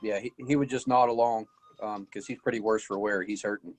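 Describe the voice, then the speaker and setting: A man's voice: on the low side, steady tone, a little fast, soft background music. A man playing in a tabletop game, talking casually and thinking aloud about his character. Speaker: player.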